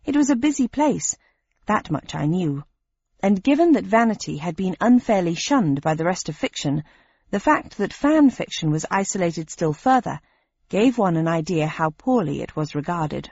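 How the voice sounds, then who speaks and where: A woman reading a first-person audiobook narration with expressive storytelling. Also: on the low side, moderate pace, creaky, husky, no echo, lo-fi sound.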